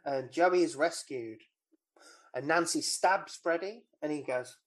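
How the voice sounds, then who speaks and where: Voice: mid-range voice, a little slow. Podcast co-host, casual recap chat, wry, rambling, lots of ums.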